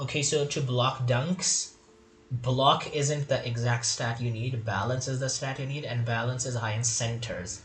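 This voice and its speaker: A man's voice: medium pitch, steady tone, measured pace, a bit bright, soft background music. A man giving casual, chatty gameplay commentary while playing through a game tutorial and reading its tips aloud.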